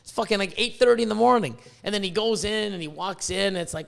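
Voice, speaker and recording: Excitable, foul-mouthed high-voiced man. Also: fast talker, vocal fry, hardly any pauses, smooth. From Canada. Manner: profane, excitable, with many restarts. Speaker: podcast host. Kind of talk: casual podcast rant.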